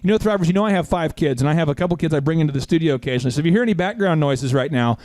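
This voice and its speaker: A man from Oklahoma hosts a business podcast, talking at a rapid clip in a high, bright register. He fires off hyped bursts and playful shouts. The studio sound is dry and close. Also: animated, dry recording. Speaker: podcast host, business coach. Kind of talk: energetic podcast banter.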